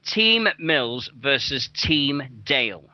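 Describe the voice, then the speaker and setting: A man's voice: medium pitch, big pitch swings, slow, pushed and bright, no echo. A young man hosting a wrestling radio show, rambling through event listings with plenty of swearing and self-mockery. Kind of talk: casual show chat. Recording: dull lo-fi dry recording.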